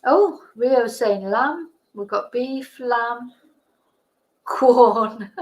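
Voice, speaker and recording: A woman's voice: a little high, very slow, low-quality recording. A woman hosting a casual live-stream quiz, chatting, laughing and thinking aloud as she reads the questions. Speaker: host.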